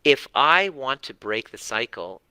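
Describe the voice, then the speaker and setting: A man's voice: mid-range voice, sing-song, a little slow, bright, forceful tone, clean tone, no room sound. A man talking earnestly to livestream viewers about parenting, repeating words for emphasis and swearing now and then. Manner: earnest, repetitive, mildly profane. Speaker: parenting coach.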